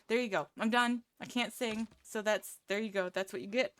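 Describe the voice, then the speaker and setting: A woman's voice: on the high side, normal speed, few pauses, no echo. A woman streamer chatting casually with her viewers, self-deprecating and laughing often. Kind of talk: casual live-stream chat.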